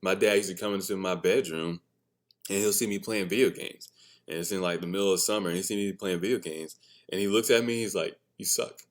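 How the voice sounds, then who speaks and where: A man's voice: low voice, steady tone, brisk. A man hosting a casual solo podcast, telling candid stories as a father, swearing freely and laughing often at his own remarks. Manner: blunt, candid storytelling. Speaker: podcast host; father of a son and a daughter.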